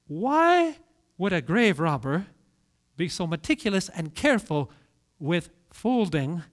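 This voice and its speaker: Animated, high-voiced male preacher. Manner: storytelling with dramatic pauses and swings in loudness. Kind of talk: sermon.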